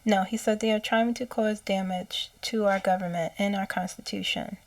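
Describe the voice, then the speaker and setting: A woman channeler relaying messages in a slow, halting monologue, stopping to correct herself and slipping into soft whispers. Her voice has a gravelly fry. The room is dry, and she sits a little back from the mic. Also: medium pitch, fairly even intonation, no echo, distant mic. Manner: slow, hesitant, self-correcting, with soft laughs and whispered asides. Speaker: psychic channeler.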